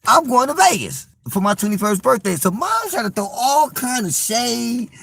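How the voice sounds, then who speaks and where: A man's voice: very high-pitched, expressive, moderate pace, creaky, a bit bright, husky, dry recording. A young man telling a personal story in casual slang, acting out the voices of the people he quotes.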